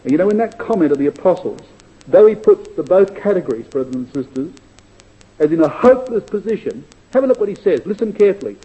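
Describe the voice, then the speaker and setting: A man preaching a sermon in a high, mellow voice. He speaks earnestly and with emphasis, slowing right down to stress each quoted verse. His loudness swings widely, sinking at times to a near hush. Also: big pitch swings, low-quality recording.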